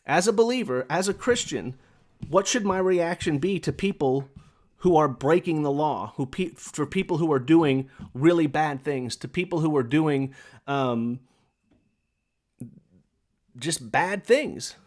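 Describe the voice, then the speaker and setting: Puffing on a pipe as he talks, a man on his podcast gives an impassioned, opinionated monologue that turns preachy and repeats itself a lot. His voice is on the high side with a darkish tone, lively intonation and an unhurried pace.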